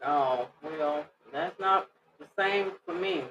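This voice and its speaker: A woman's voice: low voice, slow pace, fairly bright tone, dull audio, a little hiss or hum. A middle-aged woman co-hosting a podcast, joking with conspiratorial asides in casual chat. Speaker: podcast co-host.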